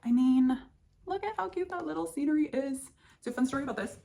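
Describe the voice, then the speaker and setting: A woman's voice: high-pitched, brisk, vocal fry, warm tone. A young woman hosting a stitching vlog, chatting casually and thinking aloud as she shows her purchases. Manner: chatty, rambling, thinks aloud with many ums. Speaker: flosstube host. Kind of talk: casual chat showing stitching haul.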